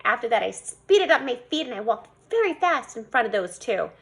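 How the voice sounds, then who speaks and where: A woman reading a children's storybook aloud in an animated way. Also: fairly high pitch, moderate pace, vocal fry. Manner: animated, voicing a young girl narrator. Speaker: reader.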